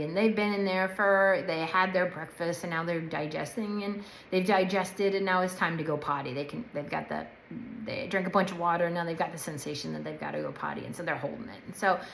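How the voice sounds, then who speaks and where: A woman's voice: on the low side, gravelly, fairly bright tone, a little hiss or hum. A woman dog trainer giving a casual instructional talk. She talks chattily and checks in often with "right?" and "okay?". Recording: echoey room.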